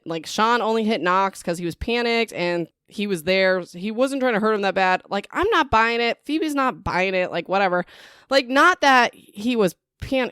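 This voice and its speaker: Young woman, book podcast host; chatty recap style, smooth clear voice, dry close sound. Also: medium pitch, no echo. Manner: chatty, lots of "like" and "whatever", excitable asides.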